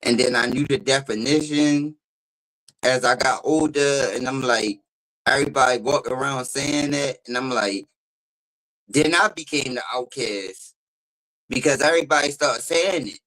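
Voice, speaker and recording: A man tells a meandering story. He says "like" constantly and talks loosely. His voice has an ordinary middle pitch and comes over call audio. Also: unhurried, a bit bright, low-quality recording. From Baltimore. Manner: rambling, says 'like' constantly. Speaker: panel guest. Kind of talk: casual storytelling.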